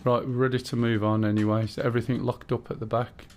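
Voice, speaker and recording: A man's voice: medium pitch, little pitch movement, fast, a little hiss or hum. A man streaming a game, chatting casually and talking a teammate through the controls, thinking aloud with fillers as he goes. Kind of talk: casual gameplay chat.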